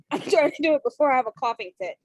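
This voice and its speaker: A woman hosts a relaxed interview, chatty and quick to laugh. Her voice sits a bit high, with a tickle in her throat. The sound is dry and close. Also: dry recording, poor audio. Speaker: host. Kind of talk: casual interview chat.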